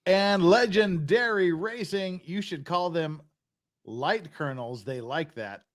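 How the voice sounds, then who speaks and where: A man's voice: sits high, expressive, takes it slowly. A tipsy man hosting a casual chat, telling crude jokes and laughing often. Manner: crude, laughing joke-teller. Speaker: livestream host.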